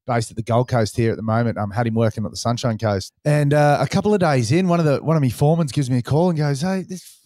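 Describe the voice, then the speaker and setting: A man's voice: mid-range voice, fast talker, few pauses, no echo, clean studio sound. An Australian man in his thirties hosting a podcast, telling stories in loose, sweary chat and acting out other people's lines. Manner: swears freely, animated retelling with put-on voices. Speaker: podcast host. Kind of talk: casual storytelling chat.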